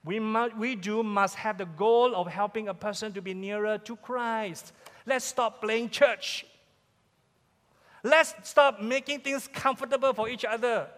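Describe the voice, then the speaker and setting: Malaysian-accented male pastor, high voice, emphatic sermon delivery, long hall reverb. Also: a bit bright. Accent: Malaysian English. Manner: emphatic, repeats key questions. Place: church sanctuary.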